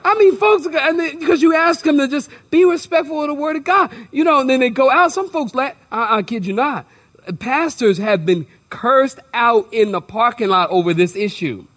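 A man preaching a sermon in a church sanctuary, telling jokey stories in an animated way. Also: extremely high pitch, normal speed. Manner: animated, joking storytelling. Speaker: pastor.

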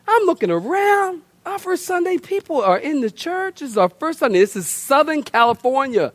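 High, lively, animated male pastor. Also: normal speed, few pauses, dry recording. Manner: animated, humorous, repeats words. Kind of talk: storytelling sermon. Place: church.

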